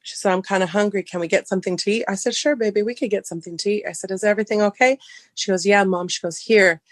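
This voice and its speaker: A fast talker, this middle-aged Southern California woman guests on a podcast, recounting a personal story casually and acting out what people said. Her voice rises high when excited, with no room sound.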